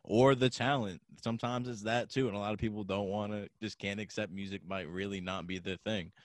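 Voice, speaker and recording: Male host, low voice, dry close sound, relaxed and slangy. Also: a little fast, no echo. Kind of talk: casual interview chat.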